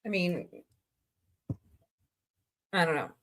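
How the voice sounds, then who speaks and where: A woman's voice: lowish voice, lively intonation, slow, a bit bright, a little hiss or hum. A woman hosting a casual live stream, chatting and joking with viewers about movies and reading their comments. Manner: chatty, jokey, reads and answers viewer comments. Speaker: livestream host.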